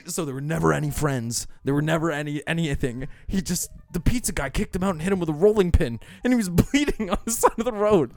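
Animated, swearing storyteller man. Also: fairly high pitch, fast talker. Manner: swearing, laughing storyteller, acts out quotes. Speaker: podcast co-host. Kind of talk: casual storytelling chat.

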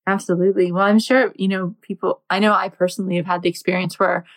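A woman's voice: medium pitch, level tone, fast. A woman hosting a podcast, chatting in a casual way and reflecting on what her guest says. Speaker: podcast host. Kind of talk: casual interview chat.

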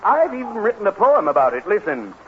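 A man's voice: high voice, very animated, a little fast. A man voicing a fussy, flustered poet character who exclaims and stammers when mixed up. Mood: prim. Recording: dull lo-fi old cartoon audio with heavy hiss.

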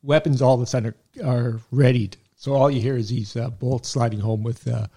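A middle-aged man with a low, gravelly and husky voice, dark in tone. He tells long work stories in a loose, laid-back way, drifting into asides and chuckling as he goes. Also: steady tone, fairly quick. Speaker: guest, veteran paramedic and army medic. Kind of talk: casual storytelling.

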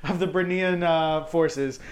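A man with a slightly high voice recaps earlier events for a tabletop game. He rambles, filling pauses with fillers and breaking off to laugh. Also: fairly even intonation. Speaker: player.

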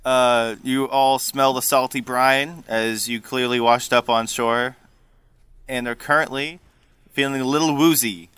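Male game master, bright and dry, laid-back narration. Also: medium pitch, a little slow, smooth, dry recording. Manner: relaxed, filler-heavy, laughs often.

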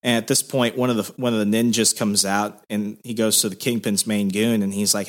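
A man's voice: lowish voice, level tone, a little fast, hardly any pauses. A man hosting a podcast, casually retelling a story in a loose, rambling way, full of fillers. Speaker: podcast host. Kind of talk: casual comic recap.

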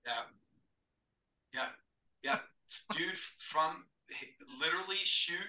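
A man co-hosting a wrestling podcast, talking in an excited, rambling way with many fillers. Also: fairly high pitch, slow. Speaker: podcast co-host. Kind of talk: casual wrestling review chat.

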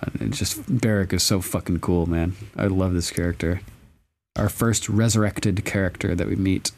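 Casual low-voiced man. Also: steady tone, moderate pace, creaky, darkish tone. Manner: loose and profane, rambling with restarts. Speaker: podcast co-host. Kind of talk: casual chat.

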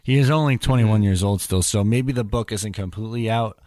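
A man's voice: fairly low pitch, fairly quick, dark tone, no echo, studio quality. A man hosting a casual hockey podcast, steering the talk with an easygoing, slightly hesitant manner. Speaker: podcast host.

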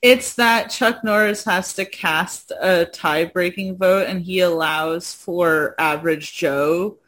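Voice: medium pitch, takes it slowly, fairly bright tone. A speaker in casual chat, enthusiastic, swearing casually and laughing often. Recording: faint background noise.

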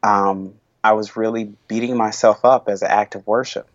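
Reflective man, worship leader, lowish voice. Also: steady tone, dry recording, muffled recording. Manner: thoughtful, halting, with frequent restarts and soft laughs. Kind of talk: reflective interview conversation.

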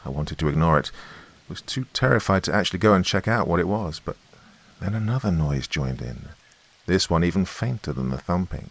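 A man narrating a first-person horror story, tense and expressive with dramatic pauses. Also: low-pitched, vocal fry, husky.

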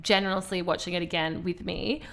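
A woman's voice: fairly low pitch, steady tone, brisk, creaky, fairly bright tone. A young woman, co-hosting a podcast in casual chat, telling stories with enthusiasm and acting out quotes. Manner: enthusiastic storyteller, acts out quotes, laughs. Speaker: podcast co-host.

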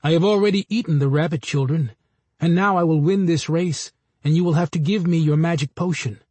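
A man's voice: on the high side, fairly quick, darkish tone, breathy edge, no echo. A man voicing a proud, boastful male lion with a big, mean voice.

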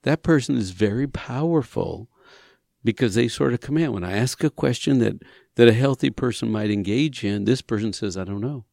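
A man's voice: mid-range voice, moderate pace, gravelly, dry recording, clean studio sound. A man who leads men's retreats, explaining ideas conversationally, acting out little dialogues and hammering points with repetition. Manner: animated, acts out dialogue, rising emphasis, repeats phrases. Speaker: counselor leading men's retreats. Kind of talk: conversational teaching on a talk show.

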